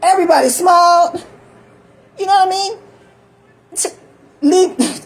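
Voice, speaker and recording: A woman's voice: extremely high pitch, slow, pauses often, poor audio. An older woman talking in a rambling, chatty monologue, often laughing and acting out little voices. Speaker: vlogger.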